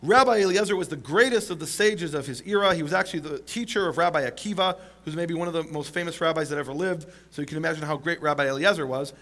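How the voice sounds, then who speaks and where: High-voiced man telling a lively story. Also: fast, few pauses. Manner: animated, acts out the quotes with big pitch jumps and laughs. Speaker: teacher of the Bible. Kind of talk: storytelling sermon.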